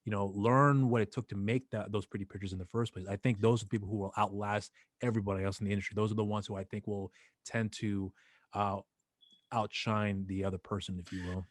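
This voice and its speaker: Guy hosting a podcast, kinda low voice, lots of uh and restarts, dry sound. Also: fairly even intonation, dry recording. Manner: halting, many fillers and restarts. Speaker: podcast host. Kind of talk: casual podcast chat.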